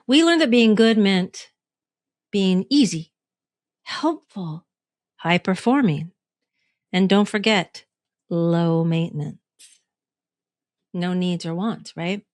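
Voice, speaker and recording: A woman's voice: on the low side, slow, long pauses, darkish tone, no echo, studio quality. A middle-aged woman hosting a reflective solo podcast, talking in a conversational way, asking listeners questions and laughing at herself. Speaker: podcast host and coach.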